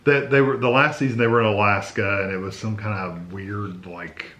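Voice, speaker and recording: A man's voice: fairly low pitch, fairly even intonation, normal speed, bright, forceful tone, roomy sound. A man, chiming in as a laid-back co-host in casual chat.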